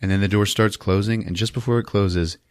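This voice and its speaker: A man's voice: lowish voice, steady tone, brisk, noisy background. A man hosting a podcast, recapping a movie in a profane, comedic storytelling manner, laughing often. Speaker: podcast host. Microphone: podcast mic.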